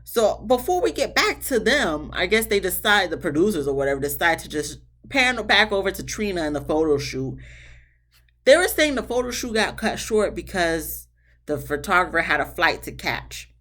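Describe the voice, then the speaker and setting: Lively sassy woman recapping reality TV. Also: lowish voice, moderate pace. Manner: animated, sassy, talks back to the cast. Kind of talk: casual TV recap commentary.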